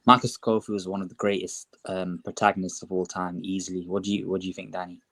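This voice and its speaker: A young man, chatting casually as a podcast co-host, relaxed and full of fillers. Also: low voice, fast, no room sound, low-quality recording. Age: young adult. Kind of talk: casual chat.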